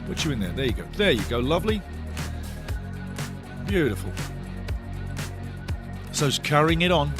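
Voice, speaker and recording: A man hosting a live football watch-along stream, chatty and excitable as he greets his chat and reads out the lineups. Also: on the high side, normal speed, long pauses, over music. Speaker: watch-along show host.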